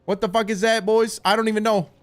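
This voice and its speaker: A man live-streaming while gaming, excitable and swearing a lot, stammering through restarts and calling everyone dude and bro. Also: sits high, quick pace, soft background music. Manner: stammering restarts when overwhelmed.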